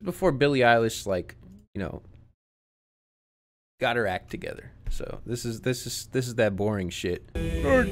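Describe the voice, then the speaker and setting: A young man streaming casual music reaction commentary, profane and incredulous, often breaking into loud outbursts. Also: mid-range voice, animated, moderate pace. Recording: song playing faintly behind.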